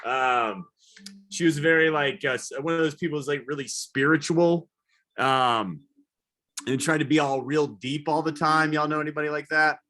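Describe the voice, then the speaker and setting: A man doing a rambling, self-deprecating stand-up comedy set, now and then yelling high whoops. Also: normal speed. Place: comedy show, live virtual audience.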